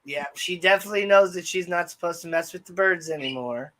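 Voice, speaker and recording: A man's voice: high voice, quick pace. A young man co-hosting a livestream, telling rambling stories in casual chat with plenty of fillers. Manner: rambling, relaxed storytelling with fillers. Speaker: co-host.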